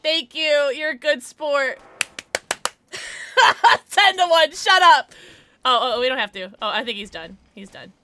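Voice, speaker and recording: High, lively, excitable woman streamer. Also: slow pace, a little hiss or hum. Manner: excitable, squealing and giggling, with sudden hushed mutters. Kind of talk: casual live-stream chat while playing chess.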